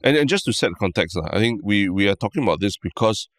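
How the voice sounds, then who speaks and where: A Singaporean man hosting a podcast in casual chat, easygoing and full of soft agreeing murmurs. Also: lowish voice, expressive, fast talker, no echo, clean studio sound. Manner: easygoing, lots of soft mm-hmms. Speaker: podcast host.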